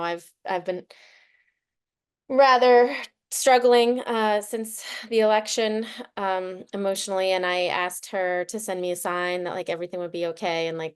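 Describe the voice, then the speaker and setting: A woman guest on a podcast, talking earnestly and telling heartfelt personal stories in relaxed conversation. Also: on the low side, smooth. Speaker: guest, childhood trauma expert.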